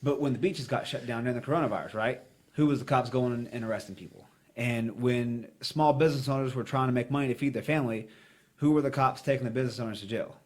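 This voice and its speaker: Here a US man with a mid-range voice talks quickly as a podcast co-host. His opinions come out blunt and rambling, heavy on profanity, in a casual discussion.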